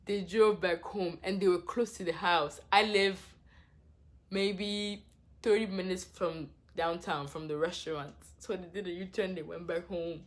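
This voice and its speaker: A young woman telling a dramatic personal story in a casual vlog, swinging from hushed asides to loud exclamations. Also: lowish voice, fairly even intonation, unhurried. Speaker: vlogger.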